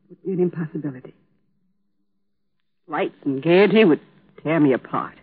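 An actress playing a young mother numb with grief in a 1950s radio drama, hushed and despairing. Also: low-pitched, moderate pace, husky, no echo. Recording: tinny old radio broadcast.

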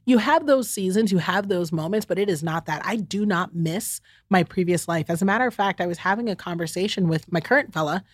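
Casting note: middle-aged woman, fairly low voice, candid and direct, solo host chat, dry close mic. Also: fairly quick, few pauses, no echo. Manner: warm, candid, talks straight to the listener as "friend" and "y'all". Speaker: podcast host. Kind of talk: heartfelt solo chat to listeners.

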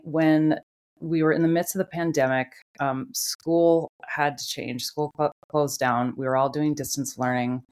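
A middle-aged woman, a podcast host, chatting casually and telling a funny home story with animated laughter. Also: low voice.

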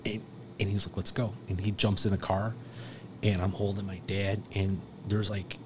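Low-voiced guy from south texas, swears a lot, gets loud then goes almost whispery, noisy background. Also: normal speed. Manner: animated, swearing, swings from loud laughing to hushed near-whispers. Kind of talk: casual storytelling chat.

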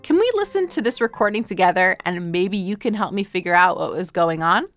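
A woman's voice: fairly low pitch, animated, a little fast, a bit bright, dry recording. A woman hosting a children's show, narrating in a playful, jokey, teacherly way. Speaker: kids' show host. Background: background music.

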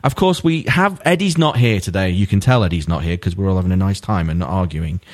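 A man's voice: low voice, animated, fast talker. A man hosting a football podcast, asking his guests questions and joking around. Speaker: podcast host. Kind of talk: casual football chat.

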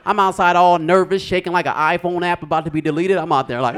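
A man's voice: on the high side, fast, few pauses. A young man doing a stand-up comedy set on a club stage, telling stories and acting out the people in them. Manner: animated storytelling, acting out characters.

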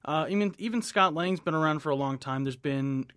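A man joining a movie podcast as a guest entertainment editor, talking in a chatty, enthusiastic way. His voice sits a little high for a man. The sound is close and dry. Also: a little fast, a bit bright, smooth, no room sound. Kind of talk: casual interview.

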